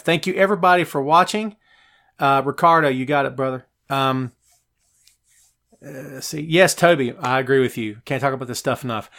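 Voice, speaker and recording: A man hosting a live wrestling talk show, chatting casually and reading viewers' names aloud, recorded on a phone and a bit out of breath. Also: mid-range voice. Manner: chatty, animated, reads chat names aloud. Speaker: podcast host.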